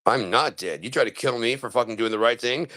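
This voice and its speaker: A man on a livestream giving a sarcastic commentary rant, mimicking people and breaking into bursts of shouting. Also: mid-range voice, fairly quick, dry recording, studio quality. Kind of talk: live-stream commentary rant.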